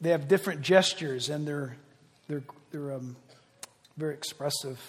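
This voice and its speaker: A man preaching, reading scripture slowly and breaking in with excited, chatty asides. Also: fairly high pitch, husky. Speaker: pastor. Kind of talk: sermon reading scripture with commentary. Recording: long hall reverb.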